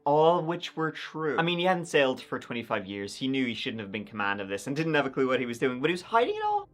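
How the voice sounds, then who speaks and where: A man's voice: mid-range voice, animated, fast, fairly bright tone. A man narrating history in a casual, conversational storytelling style with wry, sardonic asides.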